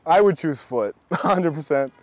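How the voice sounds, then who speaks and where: A man's voice: on the high side, lively intonation, moderate pace, darkish tone, no echo. Young male co-host, slightly raised voice, laughs easily, casual banter, dry close sound. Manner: laughs often, giggly and playful. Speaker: podcast co-host. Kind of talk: casual chat.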